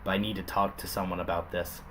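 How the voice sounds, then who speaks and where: A man's voice: low-pitched, level tone, fast talker, a crowd in the background. A man hosting a casual chat, reading stories aloud with frequent laughs and swearing. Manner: laughs often, swears, jokey. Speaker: host.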